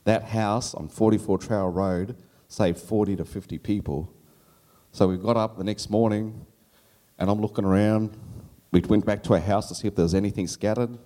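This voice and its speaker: On stage at a live storytelling event, a middle-aged Australian man tells a personal story, animated and laughing along the way. His voice sits on the low side at a moderate pace, jumping upward whenever he quotes his younger self.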